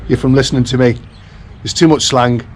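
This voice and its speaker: A man's voice: mid-range voice, steady tone, brisk. Chatty fifty-something man who mumbles. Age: 50s. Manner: mumbling, tails off at ends, chatty with slang. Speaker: vlogger. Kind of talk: casual chat to camera. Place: farmhouse under renovation in the countryside.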